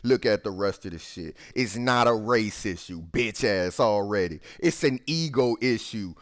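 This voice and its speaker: A man's voice: fairly low pitch, lively intonation, a little slow, few pauses. Man, video commentator, heated rant, profane, confrontational, talks to viewers. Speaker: wrestling news commentator.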